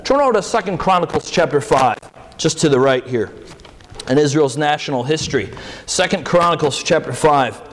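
A man preaching a sermon, reading scripture and talking in an animated, conversational way with sudden jumps in pitch. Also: slight background noise, poor audio. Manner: animated, with emphatic leaps in pitch; conversational asides and restarts.

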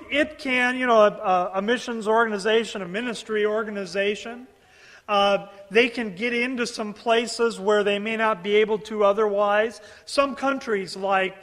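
A man's voice: high-pitched, fairly bright tone, long reverb tail. A man preaching a verse-by-verse sermon, reading scripture aloud and then explaining it in earnest, often repeating words as he builds his points. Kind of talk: expository sermon.

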